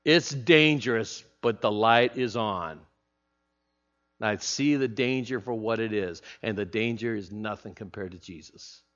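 A male pastor preaching a sermon, swinging between hushed, slow phrases and loud, emphatic declarations. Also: on the low side. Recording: slightly dull lo-fi sound.

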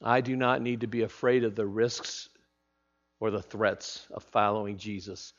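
A male pastor preaching a sermon, swinging between hushed, slow phrases and loud, emphatic declarations. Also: on the low side, fairly even intonation. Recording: slightly dull lo-fi sound.

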